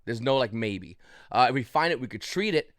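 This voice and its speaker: A man's voice: medium pitch, lively intonation, fairly quick, fairly bright tone, no echo, studio quality. A man casually recounting a story to the camera, rambling with restarts and short of breath, with frequent coughs. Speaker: YouTube channel host.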